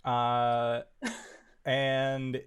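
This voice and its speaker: A man narrating as game master for a tabletop role-playing game, relaxed. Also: mid-range voice, drawn-out words, smooth.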